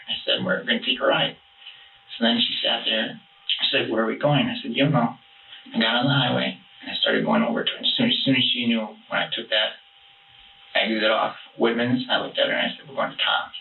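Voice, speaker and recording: A man's voice: medium pitch, animated, vocal fry. Man rambling through a tinny interview tape. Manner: rambling, halting retelling with many restarts. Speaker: man questioned by detectives. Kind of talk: recorded police interview. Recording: tinny, distant, echoey interview room recording with noise.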